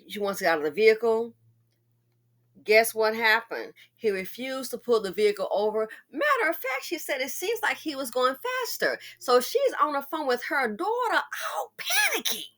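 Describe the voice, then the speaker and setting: Animated woman commenting on the news. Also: on the high side, normal speed. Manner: animated, addresses viewers directly.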